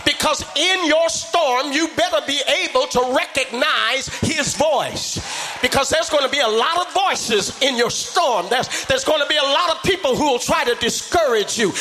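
A man a sermon, shouting and half-singing his lines in a rising preacher's cadence. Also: very high-pitched.

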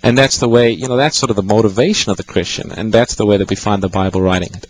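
A man's voice: lowish voice, steady tone, quick pace, low-quality recording. A man hosting a call-in radio show, patiently explaining Bible passages to callers. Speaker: radio Bible-teaching host.

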